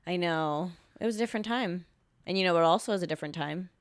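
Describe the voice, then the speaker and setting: A woman's voice: on the low side, fast talker, clear, resonant tone. A young woman co-hosting a podcast, chatting casually and sarcastically with lots of filler words. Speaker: podcast co-host. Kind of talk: casual chat.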